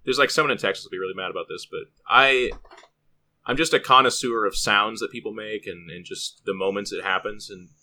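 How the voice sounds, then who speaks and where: A man co-hosting a podcast, telling a lively anecdote and acting out the people in it. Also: on the low side, a little fast. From California. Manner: lively storyteller, acts out quotes. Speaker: podcast co-host.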